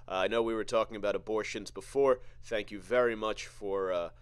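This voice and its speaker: Male podcast host, comedic rant, sarcastic, lots of swearing, low voice, dry close sound. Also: steady tone, clean tone, no room sound. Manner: profane, sarcastic, halting restarts.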